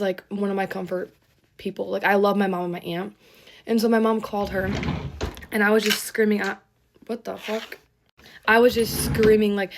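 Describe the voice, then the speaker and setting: Young woman for a chatty, rambling storytime vlog, emotional and foul-mouthed. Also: medium pitch. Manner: rambling, emotional, swears freely. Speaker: storytime creator. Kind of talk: get-ready-with-me storytime.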